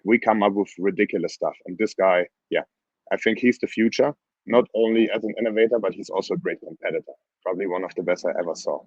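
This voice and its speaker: A man coaching grappling, talking bluntly and with energy in a casual interview, his voice hoarse from screaming. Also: lowish voice, no room sound, dull audio. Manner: animated, blunt, plain phrasing.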